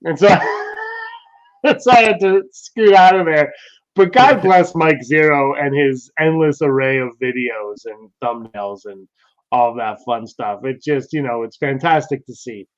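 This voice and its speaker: A man's voice: on the high side, lively intonation, measured pace. A man co-hosting a podcast in casual, rambling chat, laughing a lot. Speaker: podcast co-host. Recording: dull lo-fi sound.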